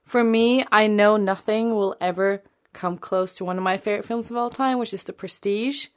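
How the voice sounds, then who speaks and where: A woman co-hosts a podcast, chatting casually in a rambling style with lots of fillers. Her voice is medium-pitched and moves at a normal speed.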